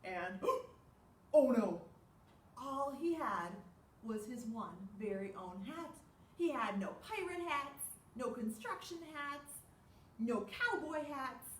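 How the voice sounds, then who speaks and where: A woman's voice: high voice, slow, slight background noise. A woman leading a children's storytime, reading aloud with gasps and questions to her young listeners. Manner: animated, with gasps and questions to kids. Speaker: children's librarian. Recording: echoey room, far from mic.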